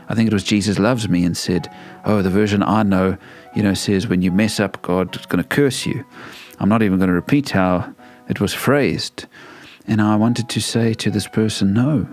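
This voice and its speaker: A man hosting a devotional talk about a hymn, speaking gently and earnestly, often pleading with the listener. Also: lowish voice. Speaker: Christian devotional host.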